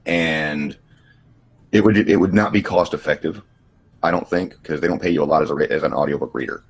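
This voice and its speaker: A man on a casual livestream call who talks with a slight stutter and halting restarts. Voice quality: husky, deep, smooth voice. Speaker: guest.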